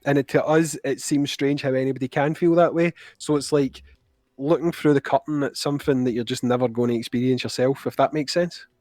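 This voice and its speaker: A Scottish man chatting as a podcast guest over a call, talkative and quick to laugh. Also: mid-range voice, fairly even intonation, darkish tone, no echo, studio quality. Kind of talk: casual chat.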